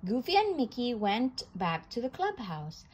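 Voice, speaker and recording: A woman reading a children's storybook aloud in a gentle, expressive way. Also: fairly high pitch, measured pace, slight background noise, low-quality recording.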